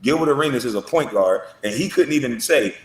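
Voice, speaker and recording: A man's voice: medium pitch, expressive, fairly quick, roomy sound, distant mic. A man trash-talking in mocking video commentary, taunting his critics. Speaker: online commentator.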